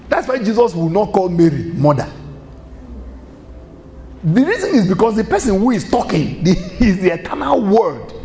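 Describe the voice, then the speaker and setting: A man's voice: sits high, dark tone, echoey room, slight background noise. A man preaching a sermon, firing rhetorical questions and chuckling as he goes.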